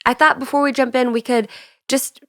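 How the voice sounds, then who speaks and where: A young woman co-hosting a podcast in casual chat, relaxed on a couch, her voice still a little sick. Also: high-pitched, brisk, dry recording, studio quality. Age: young adult. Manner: chatty, laughs often, relaxed. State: slightly sick voice. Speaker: podcast co-host. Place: on a couch indoors.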